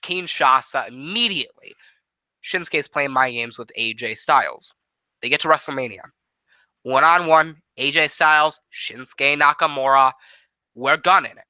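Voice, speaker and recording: Male host, casual booking play-by-play, bright and dry. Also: medium pitch, dry recording, low-quality recording. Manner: casual, quick, profane play-by-play.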